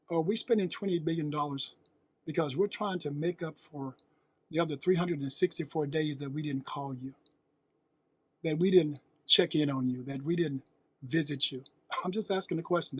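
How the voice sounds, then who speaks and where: Man doing a preachy monologue, kinda husky, dry close sound, keeps asking questions. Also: a little high, no room sound. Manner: preachy, rhetorical questions, emphatic repetition. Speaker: host. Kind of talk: motivational monologue.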